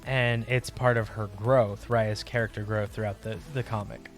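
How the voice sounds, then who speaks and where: A young man chatting casually on a live art stream, rambling warmly about a character and greeting viewers by name. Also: fairly low pitch, steady tone, normal speed, faint music behind. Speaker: livestream artist.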